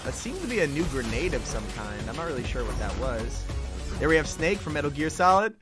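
A man doing live, excitable reaction commentary as a gaming streamer, chatting with his viewers. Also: fairly high pitch, brisk, faint music behind. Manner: excitable, chatty, addresses chat.

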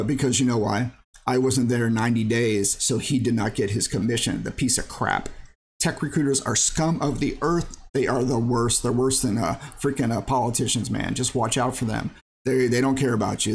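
A man's voice: medium pitch, a little hiss or hum. Blunt rambling male channel host. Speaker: channel host reacting to a clip. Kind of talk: casual commentary.

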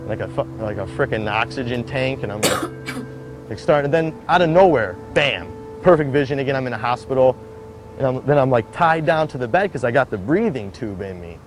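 A man recounting his story in a loose, rambling way, leaning on fillers and acting out what others said. His pitch sits in the middle range for a man. Steady music plays underneath him. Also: brisk. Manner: rambling, filler-heavy, acts out quoted voices. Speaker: interviewee telling his story. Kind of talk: casual spoken storytelling. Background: background music.

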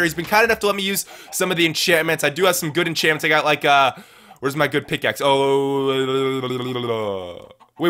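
Man, livestream game host, bright forceful voice, slightly high pitch, energetic, repeats phrases. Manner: energetic, repeats phrases, calls viewers dudes and guys. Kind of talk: live let's-play commentary reading chat.

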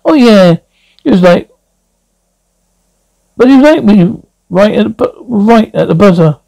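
Gravelly dark-voiced man retelling a story. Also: high-pitched, animated, no echo, low-quality recording. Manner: rambling, halting, many restarts. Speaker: narrator retelling a cartoon episode. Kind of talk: loose spoken retelling with quoted dialogue.

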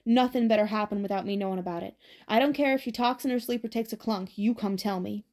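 A woman reading the part of a gruff, suspicious teenage boy leader who talks bluntly in slang. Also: mid-range voice, quick pace, a little mellow, lightly acted. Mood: commanding.

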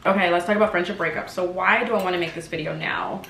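Casual vlogger, woman in her twenties, lower register, candid and chatty, eating on mic in a roomy space with faint dish clatter. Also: steady tone, quick pace, few pauses, background noise. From Canada. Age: 20s. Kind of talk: casual chat. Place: home room, dining at table. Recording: echoey room with faint kitchen clatter.

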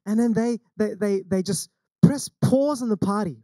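Aussie pastor guy preaching, chatty storytelling, dark mellow tone, dry close sound. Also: high-pitched, animated, a little fast, no echo. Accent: Australian. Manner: conversational storytelling with acted quotes. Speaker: senior pastor. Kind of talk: sermon.

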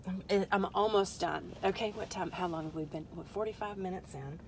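A woman chats loosely to her viewers on a live stream from a parked car, her pitch sitting in an ordinary middle range. She wanders off into jokey tangents and drops into half-whispered muttering while she works something into place. A faint hum stays underneath. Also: moderate pace. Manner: rambling, joking asides to viewers. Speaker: host of a product testing live stream. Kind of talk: casual live-stream chat. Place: parked car in a store parking lot.

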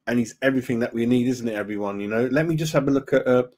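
A man's voice: medium pitch, rapid-fire, darkish tone. A man hosting a casual fan live stream, chatting loosely, greeting viewers by name and saying "mate" a lot. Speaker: fan channel host.

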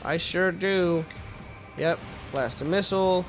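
A man hosts a let's play, offering casual commentary on the game that swings from low mumbling to frustrated shouting, swearing freely. He takes things slowly, with soft music playing in the background.

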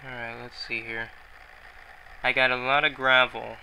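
A man's voice: mid-range voice, level tone, unhurried, bright, forceful tone, slight background noise, rough recording. A man giving rambling, self-mocking commentary while he plays a video game, often mumbling to himself. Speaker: gaming YouTuber. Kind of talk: casual Let's Play commentary.

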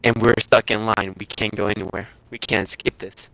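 On a live stream, a young man casually tells a long, rambling story, chuckling and dropping filler "like"s constantly. His lowish voice stays level and sounds pushed and bright at normal speed, captured in a low-quality recording with no room sound.

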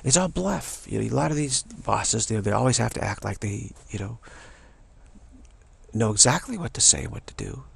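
Male spiritual teacher, low, heavily gravelly voice, loose rambling delivery. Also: big pitch swings, brisk. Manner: loose, rambling, repeats phrases for emphasis. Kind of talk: informal spiritual teaching talk.

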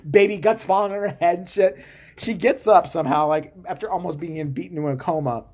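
A man's voice: sits high, quick pace, darkish tone. A man giving a comedic, sarcastic movie-review rant, swearing freely and acting out the characters' lines.

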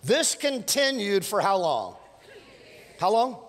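Animated high-voiced male pastor. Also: slow pace. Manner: animated, storytelling with playful asides and rising exhortations. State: hoarse from preaching several services. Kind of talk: sermon. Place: church sanctuary. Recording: long church hall reverb.

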